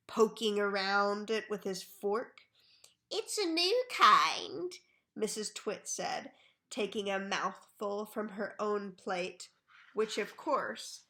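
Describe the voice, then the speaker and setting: A woman reading a children's book aloud for learners, carefully and clearly. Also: on the high side, a bit bright.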